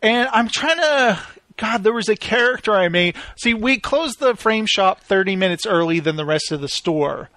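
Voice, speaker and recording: A man's voice: high-pitched, moderate pace, dry recording, clean studio sound. A man telling stories in a casual chat, laughing often as he goes. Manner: laughs often, animated retelling.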